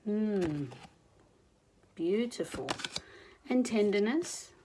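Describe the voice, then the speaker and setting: A woman doing an oracle card reading in a gentle, reflective, encouraging manner. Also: mid-range voice, animated, extremely slow, noisy background. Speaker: spiritual card reader.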